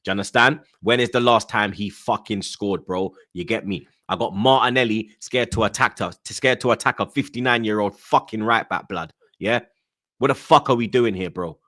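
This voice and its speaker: A man's voice: fairly low pitch, normal speed, a bit bright. A young man, hosting a football podcast and ranting angrily, swearing, with repeated slang tags. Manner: angry, sweary, repeats "blood" and "you get me". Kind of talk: ranting casual chat.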